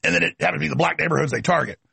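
A middle-aged male host rants through a political monologue in a high, very gravelly voice. His tone is bright and slightly husky, and the sound is dry and close. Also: lively intonation, rapid-fire, dry recording. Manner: ranting, emphatic, rambling. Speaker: talk show host. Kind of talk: political talk-show monologue.

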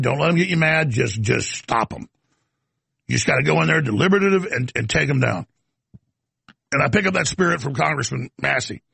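A man's voice: on the high side, creaky, fairly bright tone, husky, no echo. A man hosting a show and giving an off-the-cuff commentary monologue, rambling with stammered restarts and coughing now and then. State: coughing, throat irritated. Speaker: show host.

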